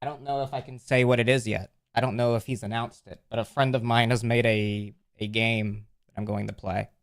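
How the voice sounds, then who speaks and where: A man's voice: mid-range voice, flat delivery, fairly quick. A man livestreaming casually, rambling and joking while he reads chat aloud and thanks subscribers.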